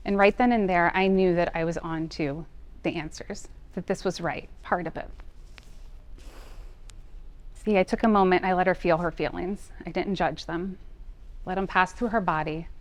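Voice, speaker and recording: A middle-aged woman, a parent coach, telling a personal story in an earnest, gentle way. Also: fairly low pitch, steady tone, normal speed, long pauses. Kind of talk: personal talk.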